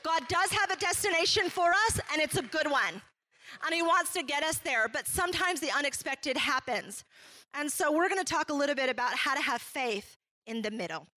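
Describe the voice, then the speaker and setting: A middle-aged woman pastor giving a sermon, telling a personal story in an animated way and acting out what people said. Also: high-pitched, normal speed.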